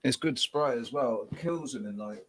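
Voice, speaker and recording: A man's voice: medium pitch, moderate pace, a bit bright, husky. A man co-hosting a casual chat, telling rambling, profane stories with many restarts. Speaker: co-host.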